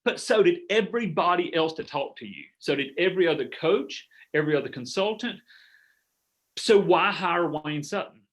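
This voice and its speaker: A middle-aged man coaching a group over a video call, earnest and animated, acting out sample sales conversations. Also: a little high, normal speed. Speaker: business coach. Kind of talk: coaching workshop talk.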